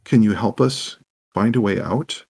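A man's voice: fairly low pitch, unhurried, creaky, a little mellow, slightly rough, full character voice. A man voicing a small, lost, flustered male goblin who is overly polite.

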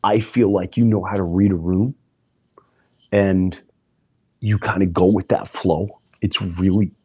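A man's voice: low voice, steady tone, measured pace, darkish tone, slightly rough, pitched below the performer's own voice. A man relaying the words of a laid-back, thoughtful male rock drummer who is giving him advice, close to his own voice. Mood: earnest.

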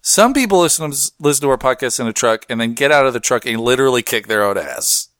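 Lively joking male podcast host. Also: mid-range voice, fast talker, no echo, studio quality. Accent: Pacific Northwest. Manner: animated, joking. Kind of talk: casual podcast chat.

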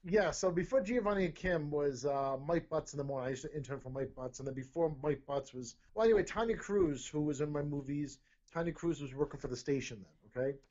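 A man's voice: fairly high pitch, brisk, warm tone. A middle-aged man from Rhode Island hosting a casual podcast chat, rambling, repeating himself and checking in with "okay?". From Rhode Island, USA. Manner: rambling, repeats words and says "okay?" often. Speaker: podcast host. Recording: dull lo-fi audio.

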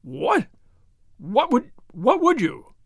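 A man's voice: sits high, very animated, brisk, no echo, studio quality. A man voicing a pompous, flustered governor in an audiobook reading, blustering as he talks.

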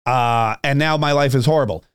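A man's voice: mid-range voice, moderate pace, smooth, no room sound, clean studio sound. A man hosting a podcast, delivering a ranting, sarcastic political commentary monologue. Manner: ranting, sarcastic, repeats words.

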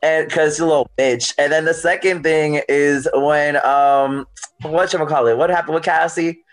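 A man co-hosting a casual chat show, talking in an animated, profane way and acting out quotes. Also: a little high, moderate pace. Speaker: podcast co-host.

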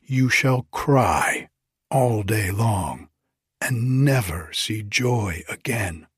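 A man voicing a stern male servant who issues threats in a slow, hushed whispered role-play. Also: lowish voice, lively intonation, husky, no echo, clean studio sound, exaggerated voice. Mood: threatening.

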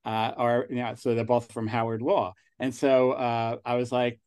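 A man's voice: medium pitch, flat delivery, moderate pace, few pauses, a little mellow, smooth. A man in his sixties with a New York accent, a guest talking casually in an interview and rambling with frequent restarts. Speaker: angel investor guest.

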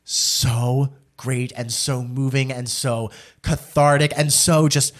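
A man's voice: mid-range voice, fairly even intonation, slow pace. A man co-hosting a casual podcast, talking with gushing enthusiasm. His speech is packed with likes, restarts and repeated words. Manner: gushing, enthusiastic, many fillers. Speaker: podcast co-host. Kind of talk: casual chat.

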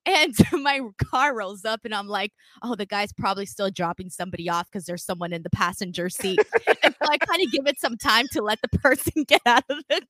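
An American woman hosting a casual live-stream chat, telling stories in an animated way with frequent swearing. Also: medium pitch, brisk, few pauses, no room sound. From United States. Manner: animated, swearing storyteller, laughs often. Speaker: podcast host.

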